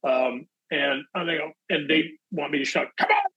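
A man and actor, chatting casually as an interview guest, telling animated stories and bursting into loud acted-out quotes. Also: on the high side, moderate pace, husky, lo-fi sound. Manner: animated storyteller, acts out quotes in big voices. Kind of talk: casual anecdotal chat.

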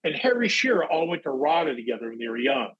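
A man and actor, chatting casually as an interview guest, telling animated stories and bursting into loud acted-out quotes. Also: on the high side, quick pace, muffled recording, a crowd in the background. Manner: animated storyteller, acts out quotes in big voices. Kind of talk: casual anecdotal chat.

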